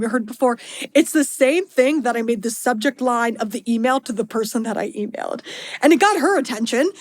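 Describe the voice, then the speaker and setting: A young woman in her twenties, hosting a podcast and telling a story in an animated, dramatic way, with quick giggles and playful swearing. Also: fairly high pitch. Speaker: podcast host. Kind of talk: storytelling monologue.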